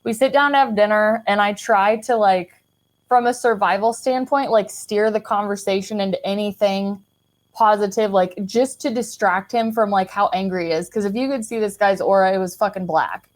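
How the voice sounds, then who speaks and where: A woman's voice: mid-range voice, normal speed. A young adult woman from the American Midwest, a podcast guest, telling her personal story in a frank, chatty way with lots of "like" and casual swearing. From Kansas City, Missouri, US.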